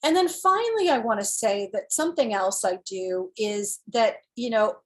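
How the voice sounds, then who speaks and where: A woman hosting a live self-help show, talking casually as an inner-work coach in an earnest, animated way, laughing often and acting out her inner voices. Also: fairly high pitch, normal speed.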